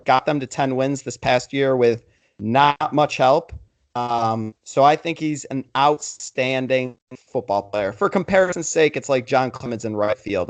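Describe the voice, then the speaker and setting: A man's voice: mid-range voice, dry recording. A young man hosting a casual sports podcast, joking loosely and reading out plugs. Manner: loose, joking, reads sponsor and social plugs. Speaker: podcast host.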